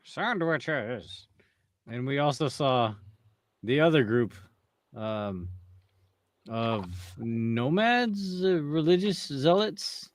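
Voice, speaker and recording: A man's voice: mid-range voice, lively intonation, very slow, pauses often, no room sound. A man co-hosting a casual comedic TV recap chat, joking and slipping into silly voices. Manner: jokey, slips into put-on silly voices. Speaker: podcast co-host.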